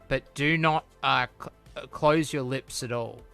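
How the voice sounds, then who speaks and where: New Zealand man, stream host, teasing banter, clear bright tone, light music bed. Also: fairly high pitch, steady tone, unhurried. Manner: joking, teasing, laughs often. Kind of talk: casual live-stream chat.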